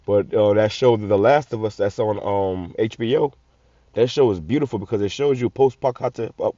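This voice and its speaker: Blunt profane man, low muffled voice. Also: mellow, dry recording. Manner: blunt, profane, repeats words and restarts. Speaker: channel host. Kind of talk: casual commentary on a video. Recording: muffled lo-fi audio.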